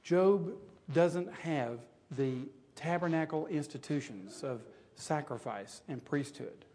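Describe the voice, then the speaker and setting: A man preaching a sermon, swinging from loud, rising rhetorical questions to quiet, hushed passages. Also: fairly high pitch, slow pace.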